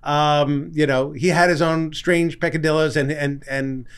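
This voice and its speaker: Dry-witted host in his sixties, higher voiced. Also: measured pace, smooth. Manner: dry, deadpan sarcastic humor. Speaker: podcast host and comedy writer. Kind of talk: casual podcast conversation.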